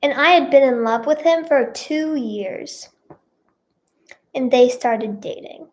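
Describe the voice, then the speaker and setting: A high-pitched woman drawls slowly through a casual storytime. She rambles and doubles back with lots of fillers. She stretches out the emotional moments for drama. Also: darkish tone. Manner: rambling, filler-heavy, repeats herself; dramatic emphasis on feelings. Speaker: singer and vlogger.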